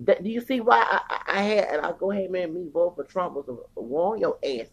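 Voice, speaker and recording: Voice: mid-range voice, brisk, gravelly, husky. A podcast host, ranting heatedly, cursing often, stumbling over restarts and tossing in "okay?" again and again. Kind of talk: heated profane rant.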